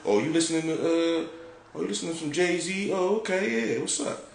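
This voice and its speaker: A man's voice: a little high, a little fast, gravelly, echoey room, pitched above the performer's own voice. A man doing a jittery guy faking innocence. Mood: fake casual. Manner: overly casual, evasive.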